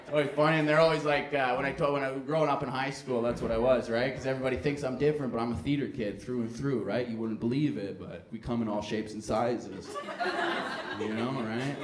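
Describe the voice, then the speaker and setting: A man's voice: mid-range voice, quick pace. A young man from Alberta, Canada, with an Albertan accent, doing a stand-up set in a laid-back, bro-ish way, peppered with "right?" and "dude.". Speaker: stand-up comedian. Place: comedy club stage. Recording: echoey club room with crowd laughter. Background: laughing audience.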